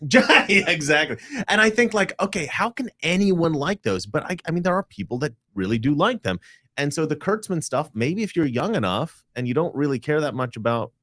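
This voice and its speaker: A man in his forties co-hosting a casual panel chat, thoughtful and rambling, quick to laugh. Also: a little high, very animated, bright, forceful tone. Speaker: co-host.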